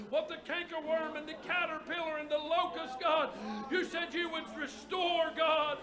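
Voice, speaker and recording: Impassioned high-voiced man praying. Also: reverberant, distant mic. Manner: impassioned, pleading, crying out to God. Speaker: pastor. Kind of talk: fervent spoken prayer in church. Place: church sanctuary.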